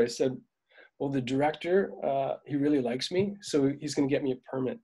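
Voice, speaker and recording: A man's voice: mid-range voice, brisk, mellow, husky. A middle-aged man, a film crew veteran, telling rambling stories in a casual interview, with frequent fillers and laughs. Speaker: veteran dolly grip, guest.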